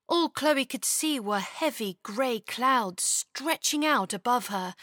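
A woman narrating a children's storybook in an expressive, lilting way, close to a studio mic. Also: fairly high pitch, measured pace, no room sound.

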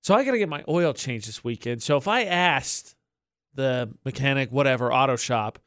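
A man's voice: medium pitch, animated, moderate pace, fairly bright tone, no room sound, clean studio sound. A man co-hosting a morning radio show, telling stories in a chatty, joking way. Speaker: radio co-host.

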